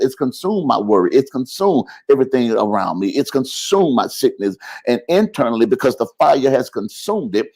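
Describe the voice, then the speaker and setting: Preaching a live-streamed sermon, a pastor with a medium-pitched voice calls out to his congregation. He leans on repeated phrases and builds to a rising, heated intensity.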